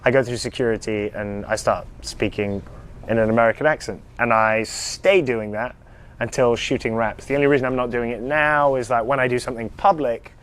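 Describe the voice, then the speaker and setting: A young British man, an actor, chatting casually in a live fan Q&A, telling stories in an animated, self-amused way with frequent ums and restarts. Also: mid-range voice, fairly quick, clean tone. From United Kingdom. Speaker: actor answering fan questions.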